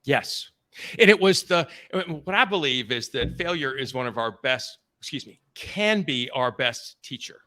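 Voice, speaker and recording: A man talks through his own stories as a podcast guest, candid and blunt, swearing now and then. His voice is bright and forceful. The sound is dry, with no room around it. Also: medium pitch, animated, measured pace, dry recording. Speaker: podcast guest, sales trainer. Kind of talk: conversational storytelling interview.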